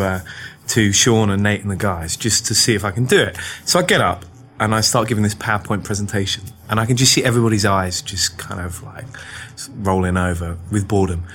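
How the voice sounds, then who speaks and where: An English man, a game developer, telling an anecdote in an interview and acting out the voices of people in his story. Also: lowish voice. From England. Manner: animated, acts out voices in his stories.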